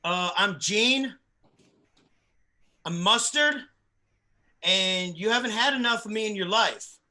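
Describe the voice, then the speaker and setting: A man's voice: sits high, takes it slowly, sharp tone, heavily acted. A man playing a blunt, pushy man obsessed with mustard who scolds people. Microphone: video call.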